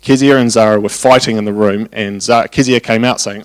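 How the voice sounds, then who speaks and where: A man preaching a sermon, telling family stories in an animated, anecdotal way. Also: on the low side, fast, no echo. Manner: anecdotal, animated when retelling family scenes.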